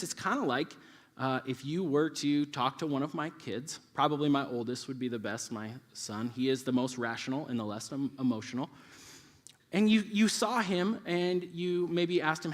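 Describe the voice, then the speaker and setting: A man in his thirties preaching a casual, conversational sermon, acting out quoted voices as he goes. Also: fairly high pitch. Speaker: youth pastor. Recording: live hall reverb.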